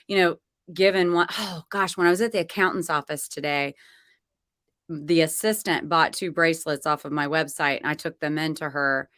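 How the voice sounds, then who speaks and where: A woman's voice: low-pitched, fairly even intonation, normal speed, no room sound, clean studio sound. A woman co-hosting a talk show, chatting openly and telling personal stories. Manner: chatty, warm-hearted storytelling. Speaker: co-host. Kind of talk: casual chat.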